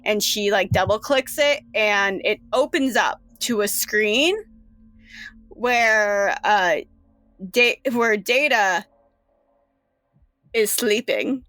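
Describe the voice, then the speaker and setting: A woman's voice: mid-range voice, slow, long pauses, fairly bright tone, dry recording. A woman running a tabletop game, narrating the scene with lots of fillers and laughs. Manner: laughing, filler-heavy storytelling. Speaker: game master.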